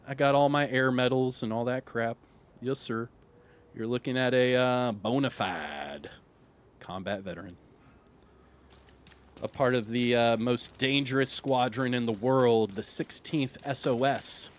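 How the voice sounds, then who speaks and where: Streaming live, a middle-aged man with a lowish voice chats casually and reads out viewer questions. He's laid-back and rambling, with plenty of fillers.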